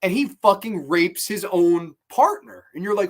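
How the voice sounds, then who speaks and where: A man hosting a horror movie review show, chatting casually, swearing freely and retelling scenes with excitement. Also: high voice, measured pace, few pauses.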